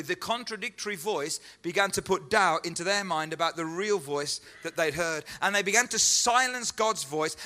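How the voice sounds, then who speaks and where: A man's voice: sits high, pushed and bright. A man preaching a sermon as pastor, earnest and emphatic, repeating key phrases and asking rhetorical questions. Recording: echoey hall.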